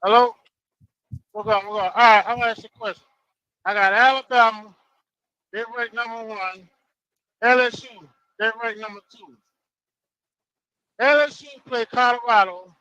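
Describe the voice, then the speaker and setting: Insistent high-voiced male caller. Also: pushed and bright, smooth, dry recording, rough recording. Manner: repetitive, insistent questioning. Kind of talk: phone-in question.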